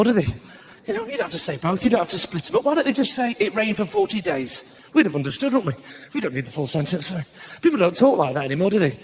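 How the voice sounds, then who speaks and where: A man with a Northern English accent doing live stand-up comedy in a theatre, chatting with the audience and shouting his punchlines. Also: high voice. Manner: animated, shouting punchlines, acting out voices. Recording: live theatre recording with faint room noise.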